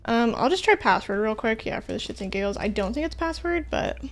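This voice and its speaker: A woman with a fairly high, lively voice talks fairly quickly over a little hiss or hum. She's streaming a puzzle game, chatting casually, joking at her own expense and talking to herself as she plays.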